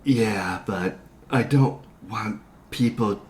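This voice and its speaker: A man's voice: on the low side, slow, a little mellow. A man voicing a giant bug turned internet celebrity who sounds wry and a little anxious. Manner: wry, self-conscious, mildly anxious. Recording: roomy echo.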